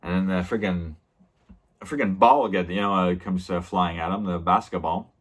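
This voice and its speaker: A man's voice: low-pitched, moderate pace. A man casually recapping a TV episode as a reviewer, rambling with many fillers and small laughs.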